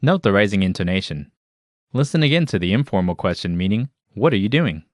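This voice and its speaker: A man with a very low voice narrates a language lesson in an even, explanatory tone, introducing each phrase and its parts. His voice is recorded close and dry. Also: a little fast, no room sound. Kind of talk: scripted instructional narration.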